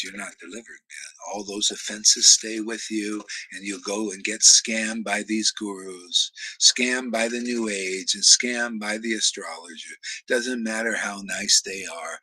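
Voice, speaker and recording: A man preaching a confrontational, profane sermon, shouting challenges at his critics. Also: fairly low pitch, breathy edge, dry recording, low-quality recording.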